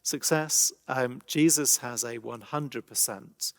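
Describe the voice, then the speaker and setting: A man with an English accent giving a conversational church talk on a Bible passage, animated, dropping to hushed emphasis. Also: mid-range voice, slow, vocal fry. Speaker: preacher. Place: church hall. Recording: long reverberant hall.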